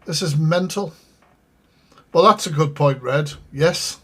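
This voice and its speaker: A man's voice: on the high side, takes it slowly, breathy edge. Sweary man reacting live. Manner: sweary, exasperated, addresses his chat. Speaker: streamer reacting to a live stream.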